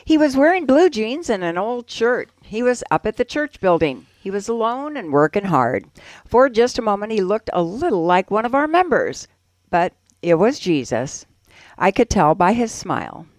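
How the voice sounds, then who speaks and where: A woman co-hosting a radio show, reading an ad and an inspirational piece with expressive delivery. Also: mid-range voice, moderate pace, no room sound. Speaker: radio co-host.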